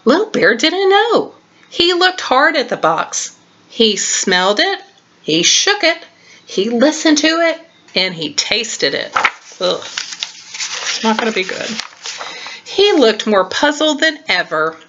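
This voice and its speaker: An older woman at home reading a children's storybook aloud to her grandchild, warm and expressive, recorded on a webcam. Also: sits high, slow pace, muffled recording.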